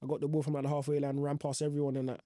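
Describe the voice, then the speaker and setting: Fast-talking young man telling a story. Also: on the high side, completely flat delivery, mellow, dry recording, clean studio sound. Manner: slangy, rambling, full of fillers. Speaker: professional footballer guest. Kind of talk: casual storytelling.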